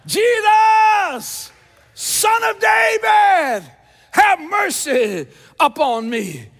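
A blind beggar man cries out for mercy in a very high, straining voice, as a preacher acts him out in the middle of a sermon. His pleading calls ring out with a long church reverb behind them. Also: expressive, fairly quick. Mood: desperate. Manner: pleading, curious, loud cries.

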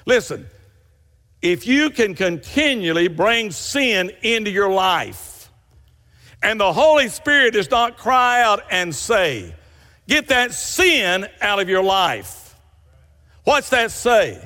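High-voiced preacher in an echoing hall. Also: male voice, big pitch swings, takes it slowly, sharp tone. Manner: folksy storytelling with rising emphatic bursts. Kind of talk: sermon.

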